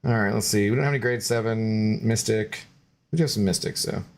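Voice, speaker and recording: A man's voice: on the low side, a little fast, slight background noise. A man streaming a game and chatting loosely with viewers, laughing often and swearing casually.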